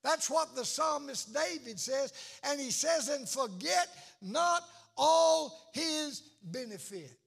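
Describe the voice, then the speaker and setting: A man preaching a sermon, shouting and chanting phrases in a slow, drawn-out, impassioned way. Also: very high-pitched, animated, vocal fry, soft background music. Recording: echoey hall.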